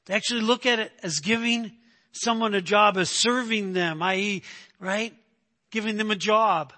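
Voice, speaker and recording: A man's voice: sits high, moderate pace, pushed and bright. A man preaching a sermon, emphatic and repeating "right?" to his listeners. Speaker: pastor.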